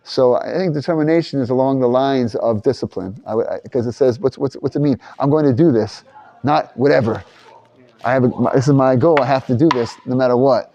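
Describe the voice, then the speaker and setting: A man's voice: medium pitch, a little fast, mellow, highs cut off. A man leading a casual Torah class discussion, loose and rambling, thinking aloud with frequent restarts. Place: study hall.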